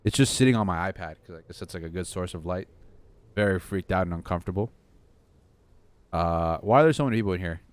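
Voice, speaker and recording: A young man with a low voice rambles to his chat during a home game stream, poking fun at himself. He speaks quickly but pauses often, and there's no room sound at all.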